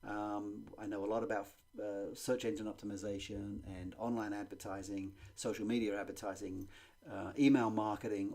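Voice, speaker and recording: English man giving a marketing pitch. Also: dark tone. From England. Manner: conversational, with frequent ums and uhs. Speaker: magazine publisher presenting a marketing webinar. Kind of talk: presentation pitch.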